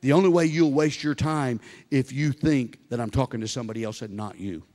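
A man in his sixties, a pastor preaching a sermon and building to loud exhortation. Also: medium pitch, a little fast. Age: 60s. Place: church sanctuary. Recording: long reverb of a large hall with music.

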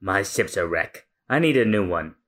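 A man voicing a menacing pirate captain in a low, threatening mutter. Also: animated, moderate pace, fairly bright tone.

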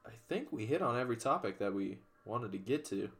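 A man's voice: medium pitch, expressive, fairly quick, vocal fry, husky. A young man co-hosting a podcast in casual, laid-back chat, using slang and laughing easily. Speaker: podcast co-host.

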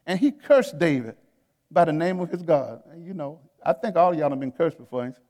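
High-voiced preacher in an echoing hall. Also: male voice, expressive, fairly quick, warm tone. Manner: folksy, conversational, addresses the congregation directly; laughs between points. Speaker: pastor. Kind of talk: sermon.

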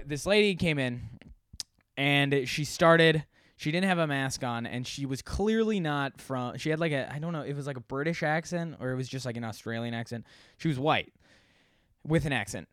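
A man's voice: medium pitch, fairly bright tone, clean tone, no echo, clean studio sound. A man telling a story from his job in a casual, rambling, profane way, with many fillers and self-deprecating asides.

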